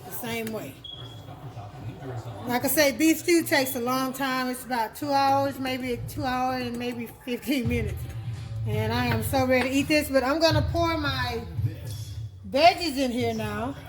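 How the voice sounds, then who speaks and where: A Texas woman who makes cooking vlogs chats through a home cooking demonstration in her kitchen, homey and talkative, repeating words as she explains. Her voice sits high and runs a little slow, with soft background music on a rough recording.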